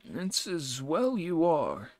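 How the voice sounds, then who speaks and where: A man voicing a timid, dim-eyed old male farmer who speaks slowly and wryly. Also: a little high, huge pitch swings, darkish tone, no room sound, voice pushed up, exaggerated voice.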